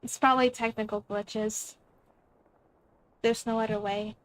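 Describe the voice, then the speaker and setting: A woman's voice: on the high side, level tone, measured pace, slight background noise, low-quality recording. A woman streaming a game and chatting in a laid-back, hesitant way with frequent giggles. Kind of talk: casual gameplay chat.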